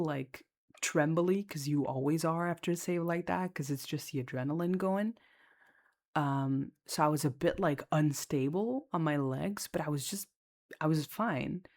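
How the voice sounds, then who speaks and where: A young adult audio creator and lifeguard chatting casually, telling a story in a rambling, animated way. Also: medium pitch.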